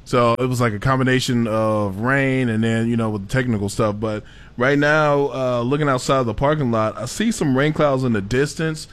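A man's voice: mid-range voice, normal speed. A man, a studio co-host giving a weather update in hesitant, filler-heavy casual talk. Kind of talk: casual on-air chat.

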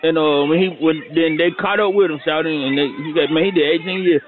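A man playing a rambling male caller who stammers and fills every pause with "uh" while making excuses. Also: on the high side, fairly even intonation, crowd noise, lightly acted. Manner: stammering, filler-heavy rambling. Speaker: phone-in caller on radio show. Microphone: phone. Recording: tinny phone line.

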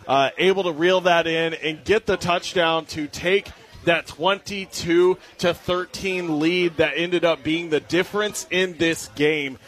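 A man's voice: on the high side, fairly even intonation, unhurried, a bit bright. A young man giving upbeat post-game sports commentary, joking and correcting his own slips as he goes. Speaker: play-by-play commentator.

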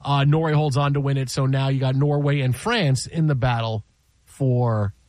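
A man hosting a sports radio show, talking in an excitable, teasing way with lots of restarts. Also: mid-range voice, moderate pace, dry recording. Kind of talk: casual sports radio chat.

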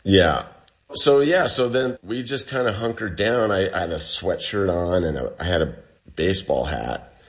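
A man's voice: low-pitched, lively intonation, normal speed. A man telling a story in a casual way. He acts out the dialogue and says "like" a lot. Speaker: interview guest.

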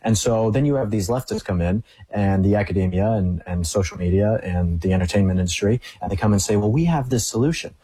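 A young man speaking quickly as a guest in a casual interview. His voice is low, dark and husky, and he slips into lively quoted voices when telling stories. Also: poor audio. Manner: storytelling, animated when quoting others.

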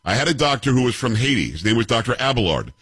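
Fifties male host, combative and sarcastic, husky lively delivery, dry studio sound. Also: medium pitch, fast, no echo. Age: 50s. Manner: combative, sarcastic, rhetorical questions. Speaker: commentary show host. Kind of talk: opinionated commentary on clips.

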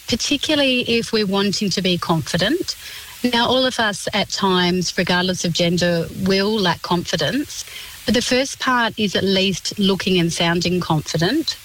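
A woman, a communications specialist answering on a radio interview in a clear, explanatory, measured way. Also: lowish voice, fairly bright tone, slight background noise, rough recording.

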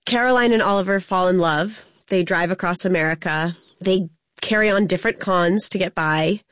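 A woman host asking interview questions, crisp and lively. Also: fairly low pitch, normal speed, no room sound, clean studio sound.

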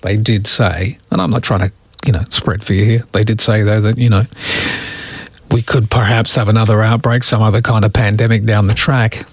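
A man's voice: fairly low pitch, fairly even intonation, normal speed, husky, no room sound. A man hosting talk radio, chatting casually and wryly, often laughing at his own remarks.

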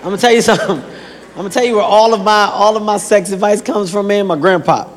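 A man doing stand-up comedy in an animated, conversational way. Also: high voice, fast, a little hiss or hum. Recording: stage in a hall with crowd.

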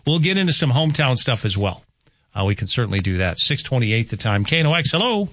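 A man's voice: medium pitch, sing-song, fast talker, a bit bright, dry recording. Radio talk show guy, rambly and chatty, dry close studio mic. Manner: chatty, rambling, self-correcting. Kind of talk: casual radio chat with callers. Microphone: studio microphone.

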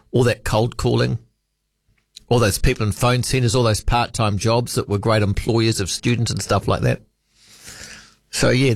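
A man's voice: medium pitch, dry recording, studio quality. A man with a New Zealand accent hosting late-night talkback radio, chatty and rambling, often correcting himself mid-sentence. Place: radio studio.

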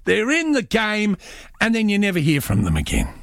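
A man's voice: sits high, huge pitch swings, moderate pace, gravelly, fairly bright tone, no room sound. A male radio host chatting playfully with a guest and breaking into bits of songs. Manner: playful, sings snatches of songs. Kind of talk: casual chat.

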